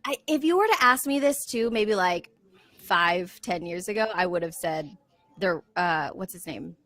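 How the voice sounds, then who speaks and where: A woman's voice: lowish voice, animated, moderate pace, a bit bright, faint music behind. A woman co-hosting a casual live show, easygoing and laughing along with her co-host. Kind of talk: casual live-stream chat.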